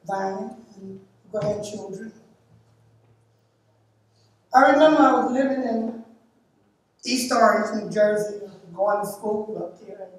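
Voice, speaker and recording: Woman, eulogy, scripture reading, heartfelt, emphatic, distant mic, booming room echo. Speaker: eulogy speaker. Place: church or memorial hall. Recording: echoey hall from a distance.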